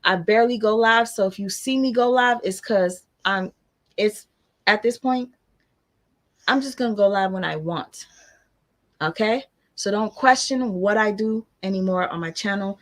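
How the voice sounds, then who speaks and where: A woman chatting on a phone livestream as host of her own channel. She talks loosely and warmly to her viewers, thanking them and addressing her baby, in a mid-range voice. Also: mid-range voice, normal speed. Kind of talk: casual livestream chat.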